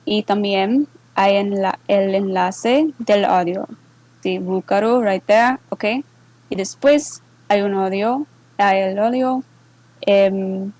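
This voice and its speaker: Relaxed and filler-heavy, a woman with a mid-range voice acts as a server moderator demonstrating a bot in a screen-share tutorial. She mixes English and Spanish and frequently asks "okay?" over a rough recording.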